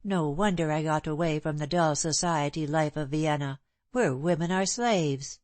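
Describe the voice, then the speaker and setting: A woman's voice: low-pitched, moderate pace, a little mellow, no echo, close to an everyday voice. A woman reading the part of a bold, scornful, free-spirited young woman in an audiobook, impetuous and proud. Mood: defiant.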